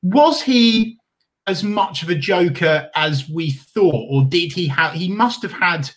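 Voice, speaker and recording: A man hosting a casual football interview, asking chatty, leading questions. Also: a little high.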